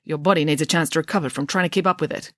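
A woman's voice: sits low, fairly even intonation, racing, a bit bright, dry recording, studio quality. A woman doing a snappy stern head nurse. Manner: snapping, firm. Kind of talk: storybook reading.

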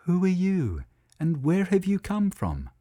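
A man voicing a wise old female cow who speaks in a formal, measured way. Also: high-pitched, wildly swooping pitch, dark tone, pitched above the performer's own voice, full character voice. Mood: calm.

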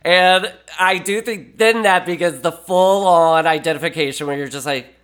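A man speaks as a guest on a casual podcast, his voice sitting a little high for a man. He talks in a loose, animated way, circling back with restarts and fillers as he works his ideas out. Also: normal speed. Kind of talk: casual film discussion.

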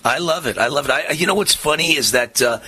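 Bright-voiced male talk radio host. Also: a little high, fast talker, husky, dry recording. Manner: energetic, rambling, repeats words.

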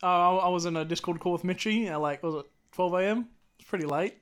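A man with a fairly high voice, co-hosting a casual podcast. He talks in a relaxed, easygoing way. He mostly answers in short words and sometimes tells a story himself. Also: fast talker, clean tone. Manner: relaxed, short agreeing replies. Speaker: podcast co-host. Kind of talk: casual chat.

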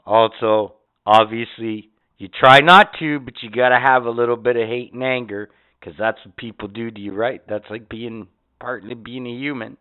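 A man's voice: mid-range voice, moderate pace, hardly any pauses, clean tone. A man hosting a podcast, telling rambling stories full of swearing in a casual rant. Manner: profane, animated storytelling. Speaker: podcast host. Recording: tinny phone-like sound.

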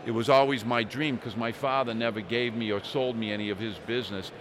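A man's voice: mid-range voice, steady tone, fairly quick. A man in his sixties, a small business owner, chatting casually and telling anecdotes, swearing now and then. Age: 60s. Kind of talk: casual storytelling chat. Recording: outdoor crowd chatter behind.

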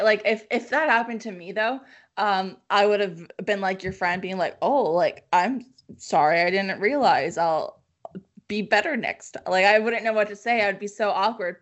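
A woman co-hosting a casual podcast, quick to laugh and tease her partner. Her voice sits at an ordinary middle pitch. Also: fairly even intonation, a bit bright, dull audio. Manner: laughs often, teasing. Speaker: podcast co-host. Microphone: remote call mic.

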